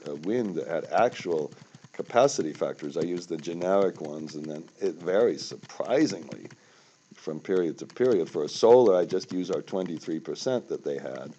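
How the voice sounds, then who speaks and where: A man's voice: deep voice, lively intonation, moderate pace, warm tone, highs cut off. An older man giving a rambling, self-correcting finance lesson over a spreadsheet, with sudden emphatic bursts. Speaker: finance instructor. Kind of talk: screen-recorded spreadsheet tutorial.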